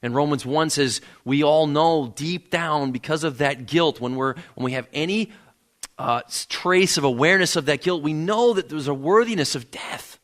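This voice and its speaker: A man delivering a sermon in a church sanctuary, his voice sitting a little high for a man. He speaks earnestly and often repeats words as he builds toward a point. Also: moderate pace, a bit bright. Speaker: pastor.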